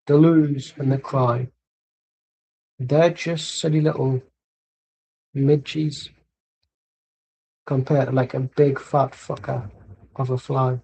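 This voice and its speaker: An English man with a gravelly, husky voice chats loosely while watching a match on stream. He drifts from one tangent to the next and drops the odd swear word without a second thought. His tone sits dark and mellow. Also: mid-range voice, fairly even intonation, slow, long pauses, low-quality recording. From England. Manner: chatty, tangential, swears casually. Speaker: streamer hosting a football watchalong. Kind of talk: casual rambling chat.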